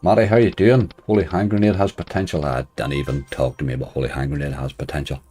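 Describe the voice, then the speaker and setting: A man's voice: a bass voice, steady tone, fast, faint music behind. A man chatting casually on a live stream, greeting viewers and joking wryly while he plays. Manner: wry, laughs softly at his own remarks.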